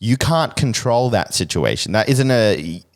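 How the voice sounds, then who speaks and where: A man's voice: lowish voice, big pitch swings, measured pace. An Australian man co-hosting a podcast in casual chat, blunt and opinionated, hedging before he argues. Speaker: podcast co-host.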